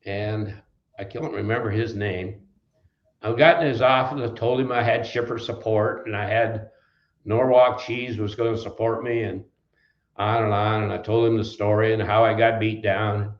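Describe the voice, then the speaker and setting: A man's voice: on the low side, steady tone, moderate pace, reverberant, dull audio. An older man from Wisconsin, a trucking company founder, telling rambling, folksy stories in an interview. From Wisconsin, USA. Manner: folksy, rambling anecdotes with restarts. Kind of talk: storytelling in an interview.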